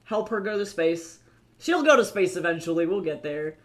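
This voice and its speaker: A man's voice: a little high, expressive, brisk, gravelly, fairly bright tone. A man livestreaming to his viewers, teary and gushing, rambling and swearing freely in casual chat from his home office. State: teary, on the verge of crying. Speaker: author and livestreamer.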